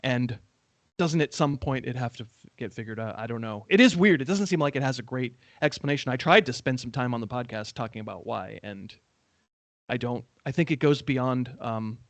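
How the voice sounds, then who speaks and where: A man's voice: medium pitch, lively intonation, brisk, no echo. Rambling, self-mocking man, dry close sound. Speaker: host. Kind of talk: casual sports betting chat. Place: in Los Angeles.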